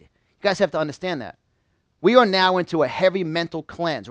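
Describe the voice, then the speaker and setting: A motivational speaker man with a New York accent, voice sitting a touch high and close, dry in the room. He fires questions at his listeners and has them shout answers back. The delivery is energetic seminar talk. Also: no echo. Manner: energetic, quizzes the audience with call-and-response. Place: seminar room with a small live audience.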